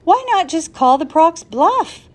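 A woman voicing an eager, excitable boy who talks in a pleading, urgent way. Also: very high-pitched, measured pace, voice pushed up, exaggerated voice.

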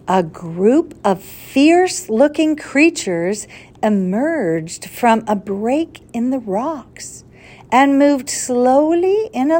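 A woman reading a children's adventure story aloud with an expressive, deliberate delivery. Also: a little high. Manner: expressive, deliberate read-aloud with a slip corrected.

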